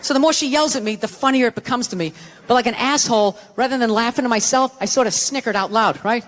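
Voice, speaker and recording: Performing stand-up for a live crowd, this middle-aged man has a very high, somewhat bright voice and talks fast. His story is an exasperated, swear-filled rant peppered with "right?", captured with hall reverb as the audience laughs.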